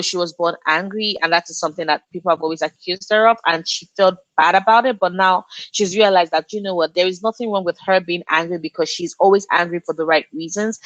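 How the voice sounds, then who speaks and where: Talking fast with few pauses, this Nigerian BookTube host has a fairly low voice. Effusive and quick to laugh, she reads out her chat and gushes back at her viewers, and the recording is dry and rough.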